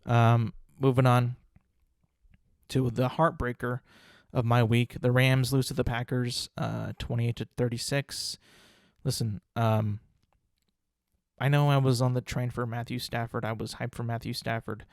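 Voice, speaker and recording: Guy rambling on his podcast about football, mid-pitched voice, dry close mic, lots of ums and repeats. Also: flat delivery, a little slow, no room sound. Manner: rambling, opinionated, with frequent fillers and repeats. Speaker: podcast host. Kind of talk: casual sports chat.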